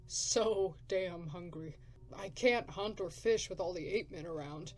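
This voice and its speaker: A woman voicing a hungry, gruff male drifter scavenger, reading game dialogue aloud in a blunt, grumbling way. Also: on the low side, unhurried, lightly acted.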